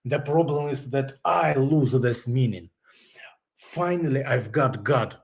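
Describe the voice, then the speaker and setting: A man from Russia with a Russian accent, a guest telling his personal story candidly in English, his second language, pausing to search for words and laughing often. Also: medium pitch, vocal fry.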